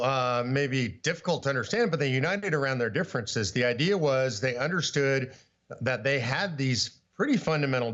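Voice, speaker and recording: A man's voice: mid-range voice, a bit bright, lo-fi sound. A man answering as a commentary guest in a firm, opinionated way, explaining his views. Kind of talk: remote interview answers.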